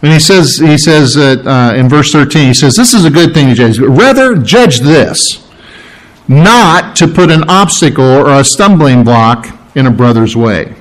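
A man's voice: measured pace, poor audio. A man preaching a sermon to a congregation, teaching from scripture with emphatic rises and restarts. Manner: animated preaching, rising in pitch for emphasis, with restarts. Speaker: pastor. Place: room with a congregation.

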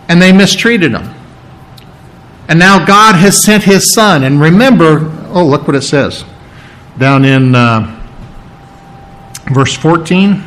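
A man's voice: a little high, expressive, unhurried, pauses often, fairly bright tone, poor audio. A man preaching a sermon in a teaching, conversational way, checking in with his listeners and often restarting his phrases. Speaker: pastor.

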